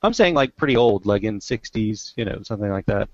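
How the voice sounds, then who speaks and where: A man chatting casually about movies, relaxed and filling his talk with "like". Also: on the low side, brisk, no room sound, muffled recording. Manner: relaxed, says "like" a lot.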